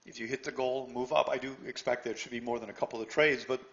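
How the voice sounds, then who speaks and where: In this rough recording, a middle-aged man runs a trading seminar at a fast clip, his medium-pitched, fairly bright voice staying fairly even. As the instructor, he's blunt and scolding, throwing rhetorical questions at the class.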